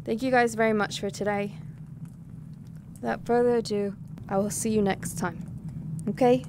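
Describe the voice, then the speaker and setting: A young woman VTuber streamer giving excitable, swearing gameplay commentary, shrieking at scares. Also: mid-range voice, normal speed, noisy background.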